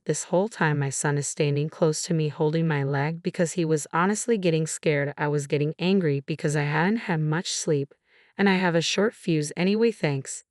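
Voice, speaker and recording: A low-voiced woman tells a first-person story in a plain, even reading voice. The sound is dry and close, with no room echo at all. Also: normal speed. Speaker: story narrator.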